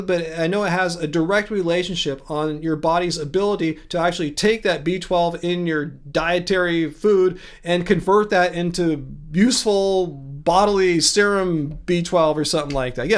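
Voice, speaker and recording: Chatty high-voiced man hosting a livestream. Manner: chatty, laughs often, reads and answers chat. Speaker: livestream host. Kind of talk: casual livestream chat.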